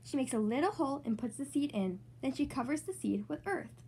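A woman's voice: sits high, expressive, fairly quick, dark tone. A young woman reading a children's storybook aloud in an upbeat, sing-song way, as host of her channel. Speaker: children's book reader. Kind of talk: read-aloud storytelling for kids.

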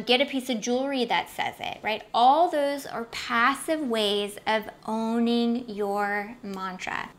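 A woman's voice: fairly high pitch, sharp tone. A woman hosting a self-help video series, giving an upbeat motivational talk to the camera and often checking in with "right?".

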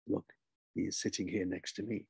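A man doing a quiet, stubborn schoolboy. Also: deep voice, flat delivery, moderate pace, gravelly, husky, no echo, pitched below the performer's own voice, exaggerated voice. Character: stubborn, solemn refugee schoolboy, quiet and unyielding.

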